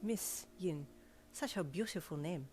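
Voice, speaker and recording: A woman voicing a charming French male valet driver, speaking slowly with a put-on French accent. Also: on the low side, expressive, mellow. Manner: charming, flirtatious, slow and deliberate. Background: faint backing music.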